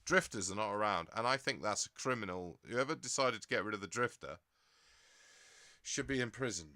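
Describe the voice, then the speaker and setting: A man's voice: lowish voice, brisk, sharp tone, no echo, studio quality. An English man hosting a stream in a casual, rambling way, reading out viewer comments and laughing often. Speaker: livestream host.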